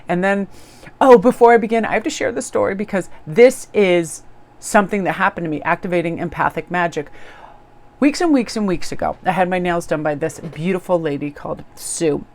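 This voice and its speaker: A woman's voice: on the low side, a little fast, darkish tone. A woman tarot reader chatting casually to her viewers in a bubbly, gushing way. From Korean heritage, living in New England.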